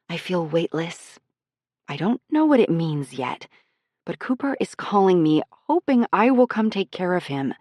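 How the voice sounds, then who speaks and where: A woman narrating a romance audiobook in first person, animated, playful and self-mocking. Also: fairly low pitch, dry recording, clean studio sound.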